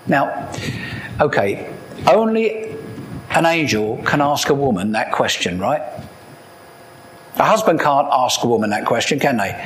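A man preaching a sermon, animated and throwing rhetorical questions at his listeners. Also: mid-range voice, unhurried, pauses often, slight background noise, low-quality recording.

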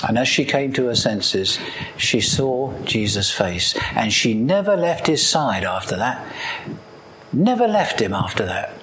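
A man preaching a sermon, animated and throwing rhetorical questions at his listeners. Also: medium pitch, a little slow, slight background noise, poor audio.

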